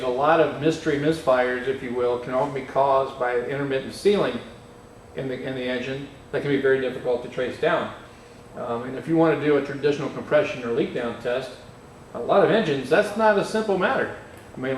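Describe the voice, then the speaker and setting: Man hosting a casual technical webcast, heard from a distance in an echoey repair shop with faint background noise. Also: mid-range voice. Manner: conversational, explains with practical examples. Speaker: webcast host.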